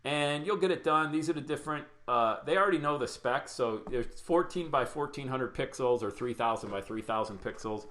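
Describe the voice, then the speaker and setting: A man running a live online podcasting workshop, talking fast and chatty, greeting viewers by name as he shares his screen. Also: mid-range voice, fairly bright tone. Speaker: podcast coach. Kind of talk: live webinar training.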